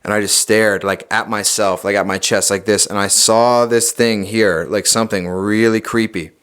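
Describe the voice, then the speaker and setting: A young adult man appears as a podcast guest, telling a personal story in a casual, animated way. He swears often and says "dude" a lot. His lowish voice is clear and resonant, and he speaks at normal speed.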